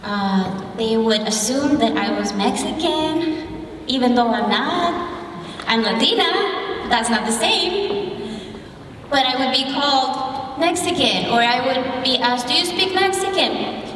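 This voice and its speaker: A woman in her thirties, a therapist telling a personal story in a lively way during a talk to teens and parents in a church hall. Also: fairly high pitch, slow pace, recorded from a distance, a little hiss or hum. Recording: echoey hall recorded from afar.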